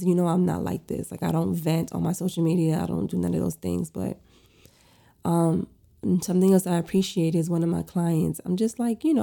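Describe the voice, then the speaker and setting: Young woman, husky and dark-toned, casual stressed storytime delivery. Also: on the low side. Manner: venting, stressed, conversational with fillers. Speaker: lash and facial technician.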